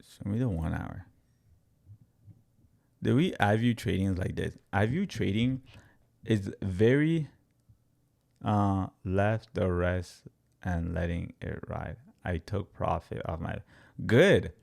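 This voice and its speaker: Brief: young adult man, low gravelly voice, chatty live-stream trading host who keeps addressing viewers. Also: takes it slowly, long pauses. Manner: energetic, repeats himself, talks straight to viewers. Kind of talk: casual live-stream market commentary.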